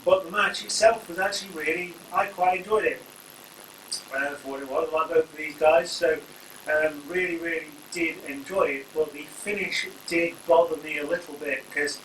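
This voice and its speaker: A man's voice: on the high side, fairly even intonation, moderate pace, a bit bright. A man hosting a casual, rambling spoken review full of jokey asides. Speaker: wrestling reviewer, channel host. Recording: echoey room, distant mic, faint hum.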